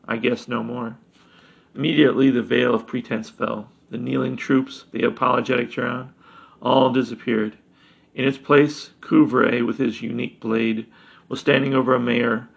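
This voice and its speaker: A man reading a fantasy story aloud in an unhurried way, sometimes correcting himself mid-word. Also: medium pitch, creaky, slightly rough.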